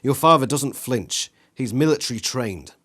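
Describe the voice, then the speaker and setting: A man at a middle pitch reads an interactive gamebook aloud to his listeners. He keeps the narration lively and voices the bangs and crashes himself, with the occasional stumble over a word. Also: moderate pace. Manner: animated, voices sound effects. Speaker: reader.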